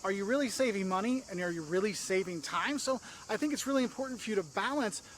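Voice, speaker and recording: Man, brisk travel vlogger, high energetic delivery, faint street noise outdoors. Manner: energetic, emphatic, acts out tourists in quoted voices. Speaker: travel video host. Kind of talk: travel advice vlog.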